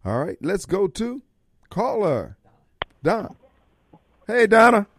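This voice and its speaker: Gravelly talk radio host. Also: male voice, high voice, very animated, takes it slowly, slight background noise. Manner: folksy, fiery warnings. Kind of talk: talk radio monologue and call-in.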